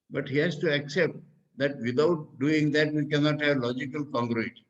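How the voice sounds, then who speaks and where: Indian monk giving a slow, questioning discourse. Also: male voice, fairly high pitch, dull audio. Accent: Indian English. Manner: slow, explanatory, asks questions and then answers them. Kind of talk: spiritual discourse.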